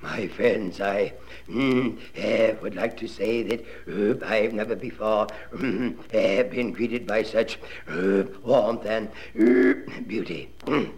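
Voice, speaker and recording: A man plays a slow, low-voiced rich governor who mumbles and hums through a grand speech in a comedy sketch. He drags every phrase out in a halting, self-satisfied drawl. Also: darkish tone. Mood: mumbling. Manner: halting, full of hums and uhs.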